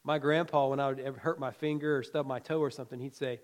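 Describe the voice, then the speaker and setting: A man preaching a sermon in a folksy, conversational way, swinging between loud emphatic lines and quiet asides, with chuckles. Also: medium pitch, fairly even intonation, fast talker. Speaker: pastor.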